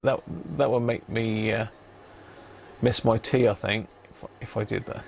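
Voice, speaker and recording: A man's voice: on the low side, level tone, measured pace, vocal fry, a little hiss or hum. A man chatting casually on a live stream while he repairs a radio in his home workshop, rambling and muttering to himself as he works.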